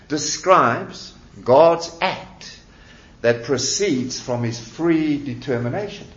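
A man's voice: on the high side, animated, slow pace, fairly bright tone. A man preaching a sermon as pastor, emphatic and repeating key words with rising and falling delivery. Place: church. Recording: echoey church hall, dull lo-fi sound.

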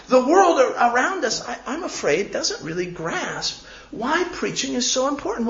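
A man's voice: extremely high pitch, sing-song, normal speed, vocal fry, a bit bright. A man preaching a sermon as pastor, earnest and pleading, often repeating words as he goes. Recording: echoey, slightly dull room recording.

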